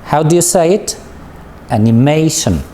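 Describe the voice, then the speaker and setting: Slow, patient male English teacher. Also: a little high, sing-song, dark tone, slight background noise. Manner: patient, drawn-out, leads with questions. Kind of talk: slow recorded classroom lesson.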